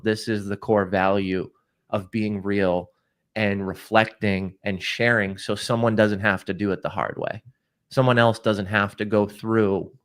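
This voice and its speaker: A man co-hosting a live stream in a low voice. He speaks earnestly and often stumbles over repeated words as he restarts his sentences. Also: a bit bright. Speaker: co-host.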